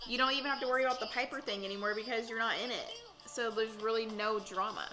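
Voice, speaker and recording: A woman hosting a casual reaction recap of a reality dating show, chatting in a gossipy way with quick asides and bursts of laughter. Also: fairly high pitch, fairly even intonation, pushed and bright, rough recording.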